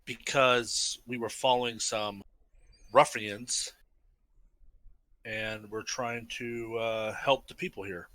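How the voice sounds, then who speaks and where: A man's voice: medium pitch, fairly even intonation, slow pace, long pauses, sharp tone, dry recording. A man playing a tabletop game who chats casually and keeps asking questions, both in character and out of it. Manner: chatty and questioning. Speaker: player.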